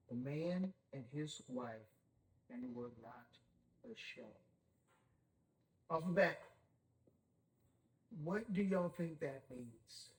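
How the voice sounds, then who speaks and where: Slow-talking Bible study teacher, man. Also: medium pitch, darkish tone, low-quality recording. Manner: checks in with "okay?" constantly, asks the group questions.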